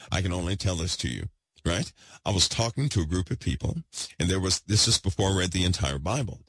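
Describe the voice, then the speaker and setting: A man preaching with great excitement, repeating himself for emphasis and swinging from loud bursts to hushed asides. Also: low-pitched, husky, no echo. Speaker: podcast host preaching. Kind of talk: impassioned preaching.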